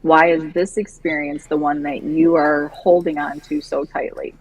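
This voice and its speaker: A woman host with a notably low voice puts calm, direct questions to her guest. A steady noise with clicking sounds sits under her voice throughout. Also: normal speed. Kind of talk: interview questions. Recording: noisy background with clicks.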